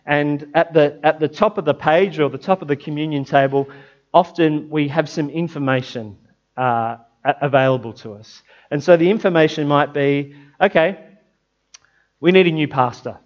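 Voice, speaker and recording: A man giving a conversational sermon. He is reflective and often drops into a soft, prayerful tone. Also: a little high, moderate pace, muffled recording. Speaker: preacher.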